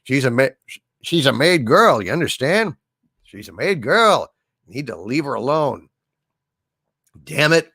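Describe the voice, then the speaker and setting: A man's voice: mid-range voice, measured pace, long pauses, husky, no room sound, studio quality. A man hosting a comedy livestream, chatting casually and bluntly as he reads out viewer messages, with some swearing. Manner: blunt, rambling, animated, swears freely.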